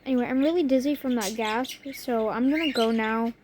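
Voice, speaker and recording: A young woman telling a story to her camera in a casual, excitable way, gasping and laughing as she goes. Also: a little high, brisk, noisy background. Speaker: vlogger.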